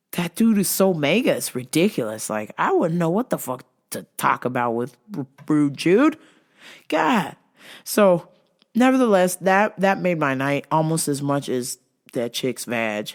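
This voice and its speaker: Podcast host, woman, low voice that swings wide, crude and lively storyteller. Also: measured pace, faint music behind. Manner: profane, animated, laughing storyteller. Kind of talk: casual storytelling recap.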